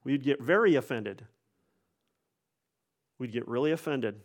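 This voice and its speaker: A man's voice: mid-range voice, animated, measured pace. Earnest man preaching a sermon. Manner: earnest, with frequent restarts and repeated words.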